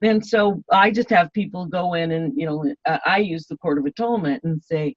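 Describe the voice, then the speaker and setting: A woman's voice: fairly low pitch, normal speed, dry recording. A woman guest in an interview, talking in a rambling way with many fillers and restarts. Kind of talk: casual interview talk. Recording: dull, dry lo-fi sound.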